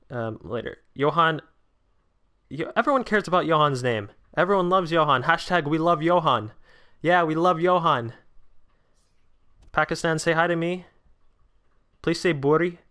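This livestream host is a nineteen-year-old man whose clear, resonant voice runs a bit high, at ordinary speed and with plenty of pauses. He keeps things casual, reading viewer comments aloud and answering them, and he erupts with excitement whenever a big opportunity appears.

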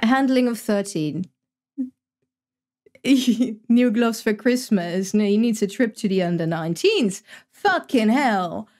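This live-stream has a young woman offering casual commentary while gaming, thinking aloud and cursing without restraint. She speaks slowly, with a medium-pitched, darkish voice and lively intonation.

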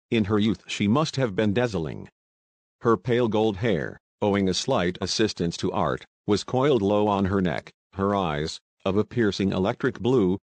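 A man reading an audiobook in a steady, even scripted narration. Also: lowish voice, dry recording.

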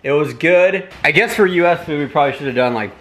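A man's voice: a little high, fast, fairly bright tone. Playful man hosting a family vlog. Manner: playful, teasing, game-show announcing. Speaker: vlog host running a taste test. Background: background music.

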